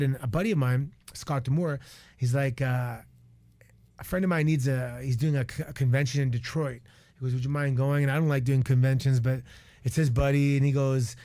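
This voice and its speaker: In a radio studio, a man in his forties from Canada, once a wrestler, animatedly tells a story on air. His medium-pitched, darkish voice is recorded dry, and he speaks candidly and profanely, often restarting and quoting asides.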